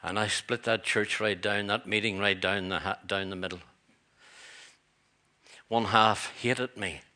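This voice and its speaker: A man's voice: on the low side, steady tone, measured pace, bright, forceful tone. A middle-aged man, a pastor preaching a sermon in a church, earnest and repetitive, with chatty asides.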